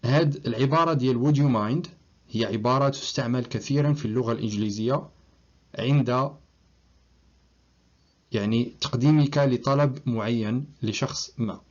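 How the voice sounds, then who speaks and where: A man with a Moroccan accent teaching English phrases, reading model sentences slowly and checking in with "okay?". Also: medium pitch, darkish tone, lo-fi sound. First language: Moroccan Arabic. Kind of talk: language lesson, switching between English and Moroccan Arabic.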